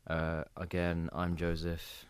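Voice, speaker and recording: A man's voice: deep voice, monotone, takes it slowly, smooth. A tired young man hosting a podcast, teasing his co-host in a dry, laid-back way. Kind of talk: casual chat.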